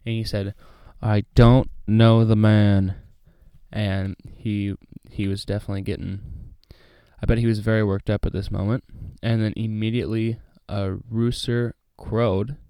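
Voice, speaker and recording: A man with a lowish, mellow voice reads a Bible passage and then chats about it casually, full of "uh" and "like". His voice is smooth and clear, recorded close and dry. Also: normal speed, dry recording. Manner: relaxed, chatty, many fillers. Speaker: Bible study host. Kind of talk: casual Bible reading and commentary.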